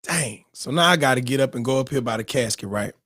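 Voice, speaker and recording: A young man, tearing up, tells a heartfelt family story to his viewers. His voice sits in a middle pitch and sounds close and dry, with no room echo. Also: lively intonation, quick pace, a bit bright. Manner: addresses viewers as "y'all", tearful and heartfelt. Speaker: morning show host. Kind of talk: emotional personal storytelling.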